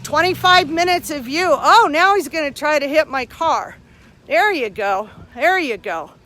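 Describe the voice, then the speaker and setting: A woman's voice: high voice, lively intonation, unhurried, sharp tone. A woman streaming live from her phone outdoors at night, narrating indignantly and taunting someone with short repeated phrases. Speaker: nonprofit volunteer live-streaming an incident. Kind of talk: live-streamed running commentary. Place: outdoors at night, near her parked car.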